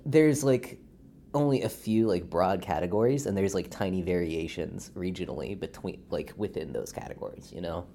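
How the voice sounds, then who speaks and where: A man's voice: deep voice, moderate pace, dark tone, slight background noise. A man from the United States with a General American accent, chatting casually as a podcast guest and rambling with lots of filler words. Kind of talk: casual chat.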